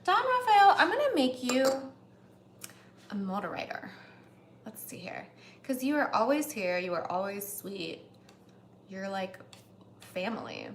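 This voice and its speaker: A young woman hosts a cooking livestream from her home kitchen, chatting casually, giggling and making playful asides as she cooks. Her medium-pitched voice has lively intonation and a measured pace with frequent pauses. The kitchen is echoey, with clattering pots and dishes and slight background noise.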